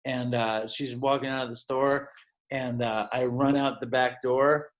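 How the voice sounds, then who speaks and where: A man's voice: mid-range voice, level tone, measured pace. A man telling stories as a podcast guest, rambling and profane and full of "like". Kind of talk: casual storytelling.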